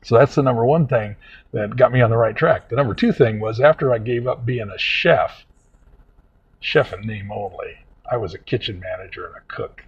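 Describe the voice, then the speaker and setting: An older man telling a long, meandering personal story in casual vlog talk, halting often with fillers. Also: medium pitch, slightly rough, lo-fi sound. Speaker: vlog host.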